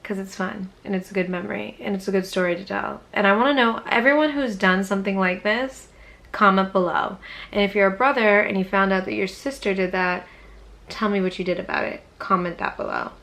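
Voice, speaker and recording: Woman, young adult, from Massachusetts, YouTuber. Gravelly, profane storyteller with whispered asides. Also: medium pitch, fairly quick, a bit bright. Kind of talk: casual storytime vlog.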